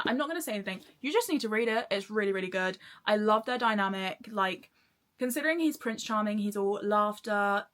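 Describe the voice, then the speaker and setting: An excitable young woman rambles through a casual book review. Her voice sits a little high and sounds bright and forward. She trails off and restarts as she gushes. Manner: gushing, excitable, rambling with fillers and laughs. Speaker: book vlogger.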